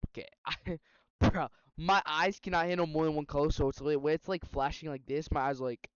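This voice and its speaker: A young man with a smooth, slightly high voice chats casually and laughs a lot as he reacts on screen, often stumbling and saying "bro." His desk mic sounds close and dry, with a dull lo-fi tone. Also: steady tone, brisk, no echo. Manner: laughs often, says bro, stutters on words. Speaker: reaction video host.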